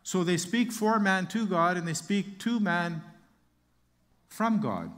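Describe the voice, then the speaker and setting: A man's voice: high voice, expressive, slow, fairly bright tone, big-room sound. A man preaching a sermon, reading Bible verses aloud and explaining them with casual asides and light humor.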